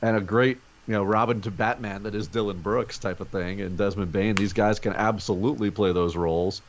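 A man's voice: fairly low pitch, steady tone, fairly quick, highs cut off, a little hiss or hum. A man co-hosting a sports podcast from home over a video call, talking energetically in casual chat. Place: home during a snow day.

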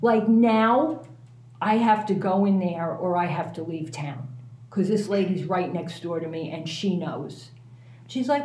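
A woman candidly telling a personal story as a guest, animated and self-mocking, swearing freely. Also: lowish voice, measured pace, roomy sound.

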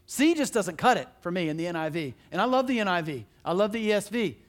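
High-voiced preacher telling a story. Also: male voice, quick pace. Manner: animated storytelling, emphatic, conversational. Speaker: pastor. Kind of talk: sermon.

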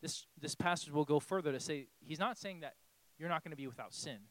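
A man preaching a sermon as pastor in a church, impassioned and pleading, swinging from hushed tones to shouting. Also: on the high side, brisk, dry recording. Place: church hall.

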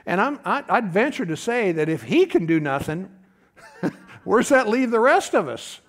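A man's voice: high voice, sing-song, measured pace. A middle-aged man preaching a folksy, conversational sermon, often calling out to his congregation.

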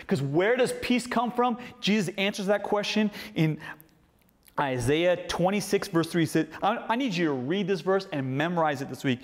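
A man, a pastor preaching a sermon with animated delivery and playful asides. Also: sits high, moderate pace, long reverb tail.

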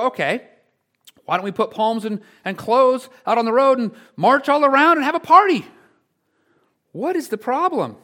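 Male pastor, high voice, lively sermon delivery swinging between hushed and shouted. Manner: animated preaching, swinging from quiet asides to loud exclamations; conversational, asks rhetorical questions.

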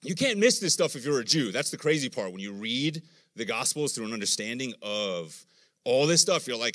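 A middle-aged man preaches a sermon at a normal pace in a medium-pitched voice. He tells stories with animation, acting out the voices of the people he quotes.

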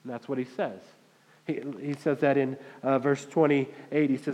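A man preaching a sermon, retelling a story in an animated way and acting out its characters. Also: mid-range voice, moderate pace. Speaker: pastor. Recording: dull sound with long hall reverb.

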